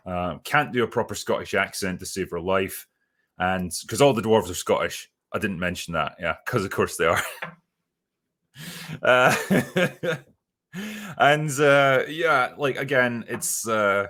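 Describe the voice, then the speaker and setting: A man with a fairly low voice gives a loose, rambling review. He is dry and mocking, drops swear words casually and fills his pauses with ums and uhs. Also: fairly bright tone. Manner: sardonic and profane, with many fillers. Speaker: host reviewing a TV series.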